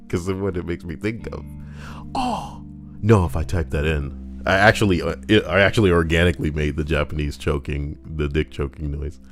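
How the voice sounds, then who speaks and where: A young man reading Reddit posts and riffing on them in a crude, joking, rambling way. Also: rumbling low. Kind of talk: casual commentary.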